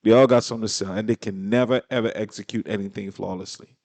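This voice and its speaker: A man's voice: on the low side, fairly even intonation, fast, a little mellow, dry recording. A man giving casual reaction commentary on a clip, blunt, exasperated and slangy, swearing freely.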